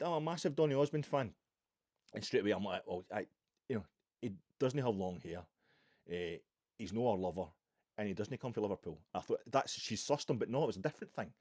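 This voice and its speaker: A Scottish man from Ayrshire rattles through a solo football chat at a quick clip, his voice sitting fairly low. He wanders into animated asides and restarts often. The recording is close and dry, with no room sound. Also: no room sound. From Ayrshire, Scotland. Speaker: football podcast host.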